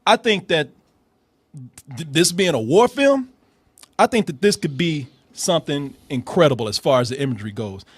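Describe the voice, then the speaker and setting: A man with a high, bright speaking voice riffs on a film trailer in casual studio chat. He swears freely, laughs often and stumbles over repeated words. The sound is close and dry, with no room around it. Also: animated, moderate pace, breathy edge, no room sound. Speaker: film reviewer host.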